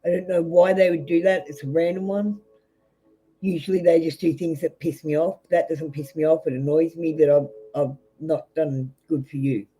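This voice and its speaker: A woman's voice: deep voice, steady tone, normal speed, dark tone, breathy edge, soft background music, low-quality recording. An Australian woman giving a live tarot reading to viewers, blunt and rambling, with many fillers and restarts. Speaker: tarot reader.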